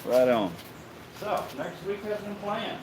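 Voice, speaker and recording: A man hosting a bladesmithing live stream, relaxed and joking, swearing casually as he signs off. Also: sits high, slow pace, background noise. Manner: relaxed, joking, swears freely, many fillers.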